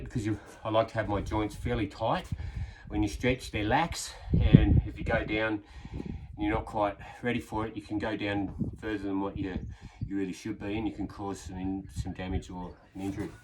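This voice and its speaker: A man's voice: lowish voice, noisy background. A man in his fifties filming a workout vlog outdoors, counting reps and talking through his routine in a chatty, encouraging way. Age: 50s. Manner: chatty, encouraging coach talk. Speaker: fitness vlogger.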